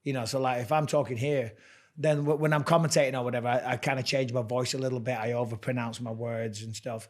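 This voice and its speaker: A man's voice: mid-range voice, fairly even intonation, quick pace. A middle-aged English man, a guest and fight commentator, chatting casually and swearing as he tells stories. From England. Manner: chatty storyteller, swears freely, laughs at own stories. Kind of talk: casual podcast chat.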